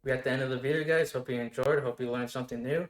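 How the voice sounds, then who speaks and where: A man's voice: mid-range voice, racing. Man explaining beats in a roomy space. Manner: relaxed step-by-step explaining with fillers. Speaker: music production tutor. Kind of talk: casual screen-recorded tutorial. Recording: roomy echo. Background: faint music playing.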